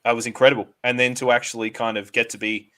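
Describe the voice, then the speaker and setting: A man as a guest in a casual interview chat, relaxed and hesitant, with many fillers. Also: mid-range voice, fast talker.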